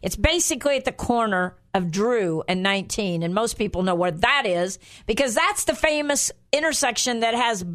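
Woman pastor radio host, animated storyteller, slightly high voice. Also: normal speed, few pauses. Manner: lively storyteller, acts out voices. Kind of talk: call-in christian radio talk.

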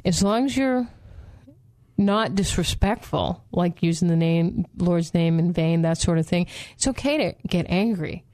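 A woman co-hosting a casual Bible study discussion, talking in an animated way and acting out quotes. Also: unhurried. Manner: animated, acts out quotes with pitch jumps, laughs often.

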